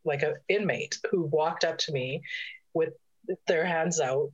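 A woman with a very low voice tells a story in a relaxed, unhurried way, pausing often as she goes. Her sound is dull and lo-fi. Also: slightly rough. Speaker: corrections officer. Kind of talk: casual conversation.

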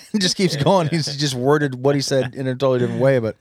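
A man's voice: medium pitch, a little fast, darkish tone, no room sound, studio quality. A man co-hosting a casual podcast chat, laying out facts and retelling events in a matter-of-fact way. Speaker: podcast co-host.

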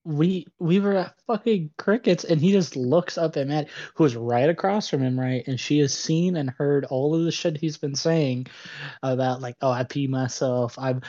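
A young man co-hosting a podcast, telling a bar story in lively casual talk full of swearing. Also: a little high, moderate pace, muffled recording. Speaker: podcast co-host. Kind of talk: casual chat.

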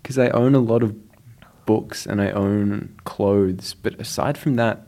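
A man's voice: lowish voice, fairly even intonation, a little slow, gravelly, warm tone. A man co-hosting a podcast, thinking aloud hesitantly in casual chat. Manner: thoughtful, hesitant musing. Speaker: podcast co-host.

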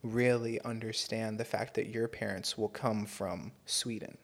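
A man's voice: fairly low pitch, steady tone, a little slow, creaky. Blunt young man in casual chat. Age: 20s. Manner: blunt, swears freely. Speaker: podcast co-host.

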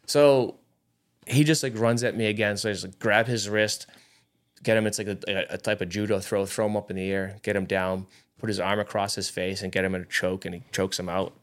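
A man's voice: fairly low pitch, little pitch movement, brisk. A man around forty in casual podcast chat, telling a story animatedly and acting out what others said.

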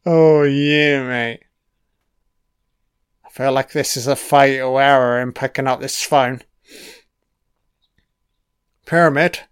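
Brief: male film commentator, unhurried, smooth clear voice, swears a lot, yells at the screen. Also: medium pitch, fairly even intonation, no room sound, clean studio sound. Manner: swears constantly, cheers at the screen. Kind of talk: casual profane film reaction commentary.

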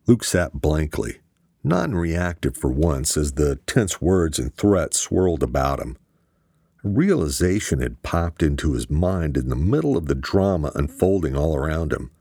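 A man narrating a thriller audiobook in a steady storytelling manner. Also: a bass voice, husky, dry recording, studio quality.

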